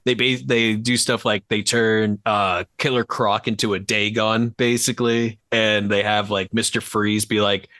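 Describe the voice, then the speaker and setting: A man's voice: on the low side, level tone, unhurried, hardly any pauses, bright, forceful tone, no room sound. A man co-hosting a podcast, chatting casually and enthusiastically about films with lots of fillers. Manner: enthusiastic, rambling with many fillers. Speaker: podcast co-host. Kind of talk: casual film chat.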